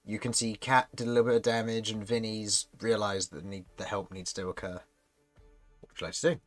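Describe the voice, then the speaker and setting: A man's voice: lowish voice, level tone, a little fast, no echo, faint music behind. A man narrating as dungeon master, businesslike and steadily prompting the players for their rolls. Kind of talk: narrating a tabletop game.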